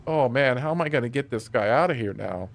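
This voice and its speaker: A man's voice: mid-range voice, lively intonation, a little fast, vocal fry, a little hiss or hum. A man streaming a truck driving game, chatting casually and grumbling profanely to himself. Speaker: gaming streamer.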